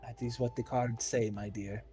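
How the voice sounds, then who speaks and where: Man doing a calm tiefling fortune teller lady, soft-spoken, formal, mid-pitched. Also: moderate pace, faint music behind, close to an everyday voice. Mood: soothing.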